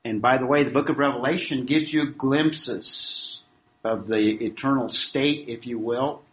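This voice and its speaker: A man teaching a Bible class in a measured, explanatory way, reading scripture aloud and taking questions. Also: mid-range voice, steady tone, low-quality recording. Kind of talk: classroom lecture.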